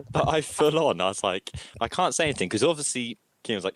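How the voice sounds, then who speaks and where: A man co-hosting a podcast, telling self-mocking stories in a casual, animated way and swearing freely. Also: lowish voice, quick pace, hardly any pauses, noisy background. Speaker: podcast co-host. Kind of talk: casual chat.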